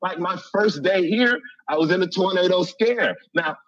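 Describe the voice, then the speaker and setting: A man from Chicago telling a humorous personal story, animated and laughing often as he acts out voices. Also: high voice, moderate pace, dry recording, dull audio.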